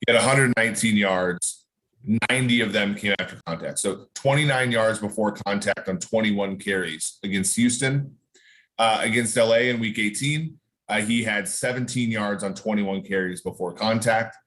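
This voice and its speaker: Lower-voiced man reading football stats. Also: a bit bright, rough recording. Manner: brisk, reads out stats. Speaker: football analyst co-host. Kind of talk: casual podcast chat.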